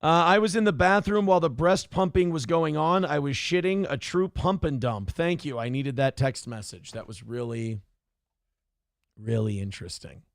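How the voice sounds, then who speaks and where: A man with a somewhat high, gravelly voice hosts a live radio show, reading viewer donations aloud at a moderate pace in casual live-stream talk. He sounds exasperated, laughs often, and swears freely. The audio is close and dry, with almost no room sound or echo.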